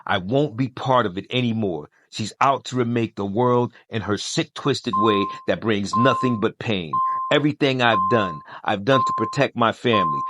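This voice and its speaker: A man's voice: lowish voice, heavy background noise. A man narrating a comic book story, reading every character's lines with little change of voice between quotes.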